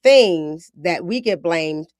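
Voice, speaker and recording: A woman's voice: on the low side, lively intonation, slow pace, a little mellow, no room sound, studio quality. A woman hosting a podcast, talking bluntly in casual slang, often acting out quotes. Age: adult with a daughter. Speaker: podcast host.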